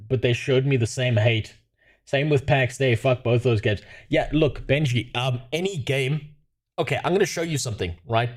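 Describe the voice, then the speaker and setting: A man's voice: mid-range voice, a little mellow. A man chatting casually on a livestream, profane and rambling, talking to his viewers. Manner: profane, rambling, laughs often. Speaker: streamer.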